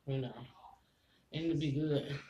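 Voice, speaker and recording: A food vlogger with a blocked nose eats at home and chats with viewers, calling them y'all and breathing a bit heavily between bites. His voice is on the high side with fairly flat intonation and a dark tone, and he talks a little slowly. The room sounds spacious, with faint hiss or hum.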